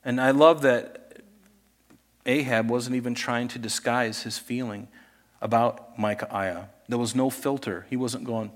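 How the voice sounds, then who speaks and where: A man delivering a sermon in a church, his voice at a middle pitch carrying a long reverb tail from the hall. He talks conversationally, slipping into lively retellings of scripture scenes as he goes. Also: unhurried. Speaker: preacher.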